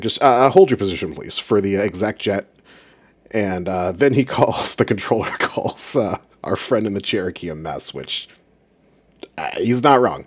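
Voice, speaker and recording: A man's voice: medium pitch, darkish tone. A man hosting a review of radio recordings, giving sarcastic, exasperated commentary.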